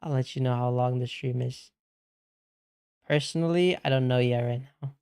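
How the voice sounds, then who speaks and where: A man's voice: mid-range voice, fairly even intonation, normal speed, a little mellow, smooth. A young man streaming games, chatting casually with his chat and reading messages aloud, laid-back and saying "bro" a lot. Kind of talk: casual live-stream chat while gaming.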